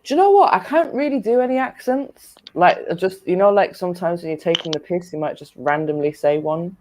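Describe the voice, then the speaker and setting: A woman's voice: lowish voice, a little fast, slight background noise. A woman, a guest on a live stream, chatting casually and telling stories with a lot of laughter. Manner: animated storytelling, laughs often. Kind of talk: casual group chat.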